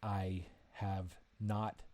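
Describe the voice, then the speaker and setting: A man's voice: sits low, level tone, very slow, a little mellow. A male author telling a casual personal story in a rambling, self-amused way. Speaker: author discussing his book.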